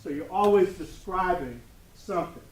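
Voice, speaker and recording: An older man lectures a college class in a preacherly call-and-response style, often asking whether his listeners follow. His voice sits high for a man. He is recorded from a distance in an echoey room with faint noise behind him. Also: expressive, moderate pace. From United States. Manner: preacherly, asks the room for affirmation. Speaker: lecturer speaking to college students.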